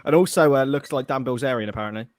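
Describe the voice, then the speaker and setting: A man's voice: mid-range voice, quick pace, no echo, studio quality. A man hosting a live football transfer chat show in a casual, rambling way. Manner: chatty, loose, restarts often. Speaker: podcast host.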